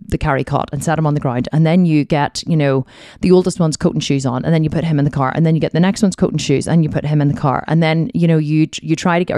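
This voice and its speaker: Woman host rambling thru a heartfelt story, mellow warm tone, dry close sound. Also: deep voice, no room sound. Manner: candid, rambling, heartfelt with many fillers. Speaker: podcast host. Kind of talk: personal storytelling monologue.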